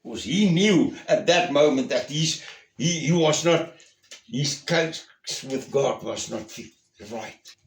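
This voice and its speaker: Slow, earnest preacher in a roomy hall. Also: male voice, a little high, expressive. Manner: earnest, emphatic, swings from raised to hushed. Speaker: pastor. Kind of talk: sermon.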